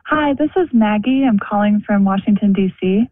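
A woman's voice: mid-range voice, no room sound. Young woman caller, talkative storyteller, heard over a tinny phone line. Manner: chatty, many "like" fillers, quick storytelling. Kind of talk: phone-in call. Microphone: telephone.

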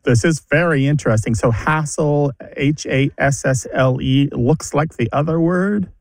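A middle-aged man hosting a radio show about language, joking lightly and speaking clearly and precisely. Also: a little high, moderate pace, no room sound. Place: radio studio. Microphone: studio microphone.

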